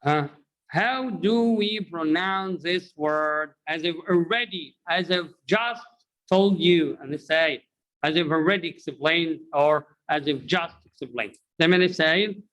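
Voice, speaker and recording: A man's voice: a little high, a little slow, fairly bright tone, rough recording. A man with an Egyptian Arabic accent teaching English pronunciation, drilling words by repetition and explaining in Arabic. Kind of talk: bilingual pronunciation lesson.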